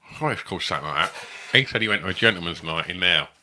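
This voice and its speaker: Deep, lively man with bawdy quips. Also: very fast, a little hiss or hum. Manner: bawdy quips, laughs loudly. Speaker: podcast co-host. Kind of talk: casual chat.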